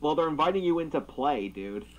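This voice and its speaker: A man co-hosting a casual livestream chat, teasing and joking with deadpan asides. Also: a little high, a little fast, lo-fi sound. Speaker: co-host.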